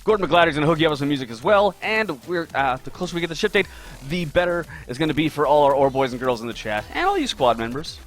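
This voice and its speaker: A man's voice: fairly high pitch, very animated, fast talker, a bit bright, faint music behind. A man hosting a casual live stream as a game artist, upbeat and chatty, greeting viewers by name while he draws.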